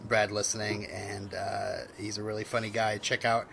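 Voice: low-pitched, little pitch movement, normal speed, creaky, a bit bright, slight background noise. A podcast host chatting casually and reading out a listener email, with many fillers and frequent laughs.

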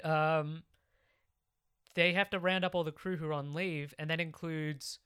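A man with a high, bright voice recaps a film in casual chat, full of sarcastic asides. His tone is clear and smooth. He sounds like a podcast co-host. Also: flat delivery, unhurried.

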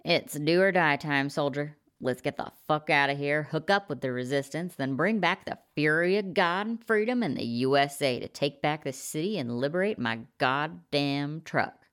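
A man's voice: a little high, expressive, normal speed, few pauses, a bit bright, clean tone. A woman voicing a swaggering right-wing prepper man who talks crudely and rallies his friends in a storybook reading. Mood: fired up. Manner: crude, fired-up rallying talk.

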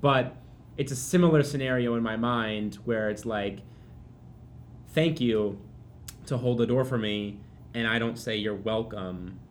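A man's voice: mid-range voice, a little slow, long pauses, a little hiss or hum. A man co-hosting a podcast in casual chat, rambling and restarting sentences, laughing often. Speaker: podcast co-host.

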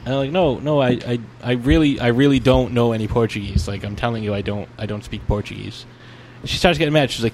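Male podcast co-host, mid pitch, rambles and restarts, bit of hiss in the background. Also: quick pace, hardly any pauses, a little mellow. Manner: rambling, with many restarts and fillers. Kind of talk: casual chat, storytelling.

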